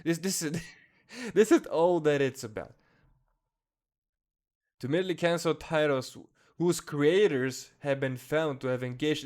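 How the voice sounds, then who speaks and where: A man with a fairly high voice delivers a furious online commentary, swearing freely and sneering at what he reads. Bitter laughs break into the rant. He stays heated and profane throughout. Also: darkish tone.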